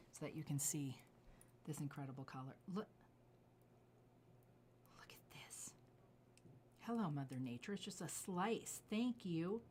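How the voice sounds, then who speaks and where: A middle-aged woman, a jewelry designer, showing off her pieces in an effusive, gushing way, often dropping to soft asides. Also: low voice. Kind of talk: enthusiastic product showcase.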